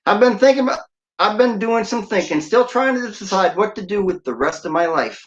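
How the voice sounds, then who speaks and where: A man's voice: sits high, animated, fairly quick, highs cut off. A man, a radio DJ, hosting a casual livestream, talking in a jokey, playful way. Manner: jokey, playful, breaks into sung snippets and laughs.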